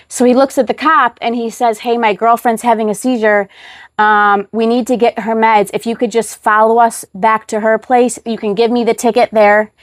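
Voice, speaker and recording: A woman telling a personal story as a guest, animated, acting out the voices of the people in it. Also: fairly high pitch, normal speed, no echo, studio quality. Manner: animated retelling, acts out quoted voices.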